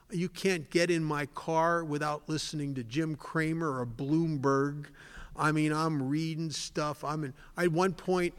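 An older man tells his story with candor to a recovery meeting. His voice sits a little high for a man and grows loud when he drives a point home. It rings with long reverb in a hall. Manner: candid storyteller, swells loud for emphasis. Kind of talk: personal testimony talk.

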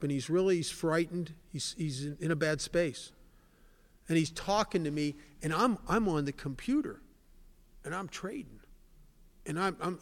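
An older man tells his story with candor to a recovery meeting. His voice sits a little high for a man and grows loud when he drives a point home. It rings with long reverb in a hall. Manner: candid storyteller, swells loud for emphasis. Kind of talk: personal testimony talk.

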